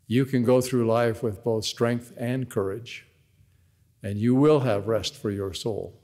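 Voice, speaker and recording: A man giving a devotional sermon at a university, speaking in a measured, earnest way and reading scripture aloud in a large arena. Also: mid-range voice, a little mellow. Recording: long hall reverb in large arena.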